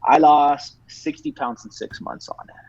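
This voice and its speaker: A man's voice: fairly high pitch, fairly even intonation, unhurried, a little mellow, dry recording. Profane man telling stories on a podcast, dry and dull sound. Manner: profane, rambling storyteller. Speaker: podcast guest. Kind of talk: casual podcast chat.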